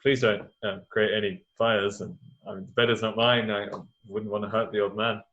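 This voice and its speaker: A man's voice: fairly low pitch, little pitch movement, moderate pace, a bit bright, close to an everyday voice. A man voicing a nervous, resentful rival bard who stammers, hesitates and justifies himself. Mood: flustered. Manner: hesitant, flustered and self-justifying. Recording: dull lo-fi sound.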